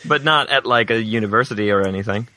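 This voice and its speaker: A man's voice: on the low side, fast talker, bright, forceful tone. A man co-hosting a casual podcast chat, talking in a jokey way and often repeating words as he starts a thought. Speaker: podcast co-host.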